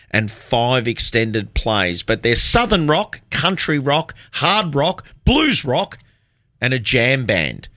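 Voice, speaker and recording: A man's voice: mid-range voice, sharp tone, dry recording, studio quality. An Australian man hosting a community radio music show, chatting casually and rambling with self-deprecating asides. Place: radio studio.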